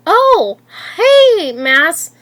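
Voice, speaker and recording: A woman's voice: very high-pitched, very animated, drawn-out words, fairly bright tone, voice pushed up, exaggerated voice. A woman reading aloud and voicing a hurt, angry teenage schoolgirl who sounds shaken and bitter.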